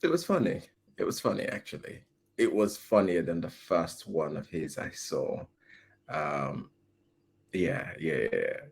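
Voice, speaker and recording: A man with a deep, husky voice reacts to a comedy clip. He speaks slowly and reflectively in a casual commentary. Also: big pitch swings. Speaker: reaction video host.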